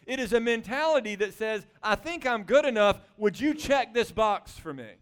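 A man preaches with a notably high and smooth, resonant voice. His delivery is conversational and animated, full of rhetorical questions aimed at his listeners. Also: moderate pace, few pauses. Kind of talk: sermon.

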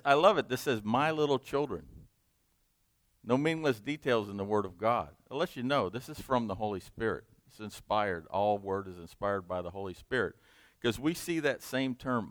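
A man leading a Bible study, reading scripture slowly and explaining it in a conversational way. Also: on the low side, animated, no echo. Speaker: Bible teacher.

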